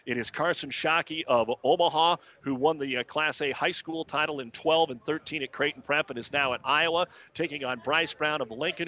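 A man's voice: fairly high pitch, bright, forceful tone. A man hosting casual sports radio talk, opinionated and loose with lots of filler words. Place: outdoors at a golf course.

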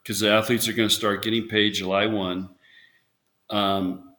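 A man's voice: on the low side, little pitch movement, moderate pace, bright, forceful tone. A man, a former volleyball coach, chatting casually in an interview and telling rambling stories with lots of restarts. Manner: rambling storyteller, many restarts, acts out quotes.

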